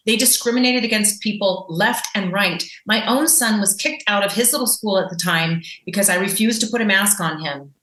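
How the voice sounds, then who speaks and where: A woman's voice: mid-range voice, a bit bright, echoey room, rough recording. A woman guest on a podcast interview who talks in an impassioned, emphatic and defiant way.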